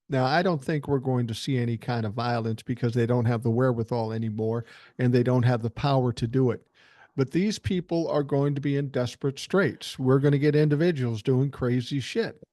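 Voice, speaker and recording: A man's voice: medium pitch, normal speed, darkish tone, no echo, clean studio sound. A man hosting a podcast in casual chat, speaking earnestly and reassuringly. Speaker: podcast host.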